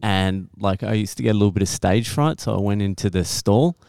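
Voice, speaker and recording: A man's voice: lowish voice, fairly quick, gravelly, a little mellow, clear, resonant tone, dry recording, clean studio sound. A young man on a podcast telling a story in casual talk, swearing constantly and laughing now and then.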